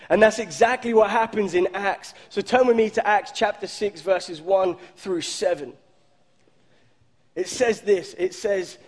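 A male pastor preaching a sermon, telling a story and slowing down low for emphasis. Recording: long hall reverb.

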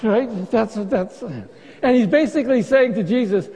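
A pastor speaks to his congregation in a high yet mellow voice, joking easily and doubling back on his words. His sermon carries through a church that rings with long reverb. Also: expressive, unhurried. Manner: conversational, joking preaching with restarts.

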